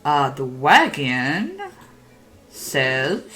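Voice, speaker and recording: Woman GM narrator; slow, lively pitch, filler-heavy. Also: slight background noise, poor audio. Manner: rambling, many fillers. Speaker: game master. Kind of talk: narrating a tabletop game.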